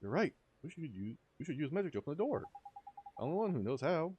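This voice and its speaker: A man voicing an earnest young boy hero who speaks softly and hesitantly. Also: fairly high pitch, sing-song, fast talker, dull audio, slight background noise. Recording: faint music behind.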